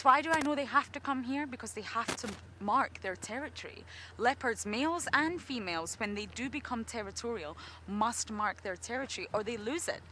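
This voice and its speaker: A woman with a Scottish accent working as a safari guide, giving playful, lively commentary from an open vehicle on a live game drive. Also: fairly high pitch, slight background noise.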